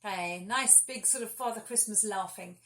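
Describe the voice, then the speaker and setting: A woman leading children through a singing warm-up, giving clear and encouraging instructions. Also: medium pitch, normal speed. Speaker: singing teacher.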